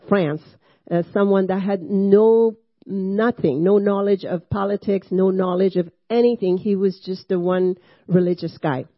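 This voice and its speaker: A woman's voice: mid-range voice, dry recording, lo-fi sound. Iranian woman in her sixties giving testimony. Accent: Persian. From Iran. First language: Persian. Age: 60s. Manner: conversational with frequent fillers and self-interruptions, laughing asides. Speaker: guest speaker at a church service. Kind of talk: personal testimony sermon.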